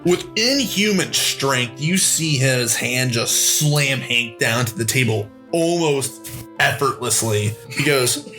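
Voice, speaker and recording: Man as game master, loose laughing narration, animated pitch, light music bed. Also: takes it slowly. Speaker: dungeon master.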